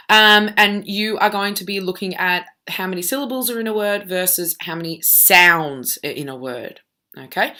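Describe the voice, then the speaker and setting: A woman's voice: mid-range voice, sharp tone. A woman teacher giving a recorded lesson, walking students through a task patiently and checking in with "okay?" after each step.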